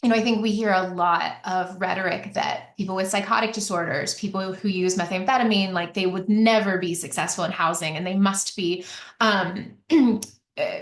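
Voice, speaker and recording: This woman's mid-range voice has fairly even intonation and a moderate pace. She's presenting a webinar in a chatty, conversational way, full of fillers and restarts, and the room sounds echoey.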